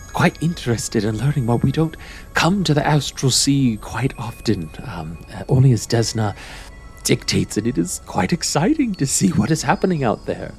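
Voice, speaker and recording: A man voicing a gracious, serene female celestial who welcomes travelers with gentle formality. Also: mid-range voice, sing-song, normal speed, faint music behind. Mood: welcoming.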